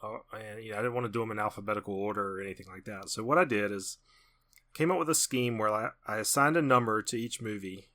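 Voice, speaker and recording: Upbeat male podcast host, bright and forward tone. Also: fairly low pitch, fast talker. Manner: upbeat, laughs easily. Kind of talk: casual chat.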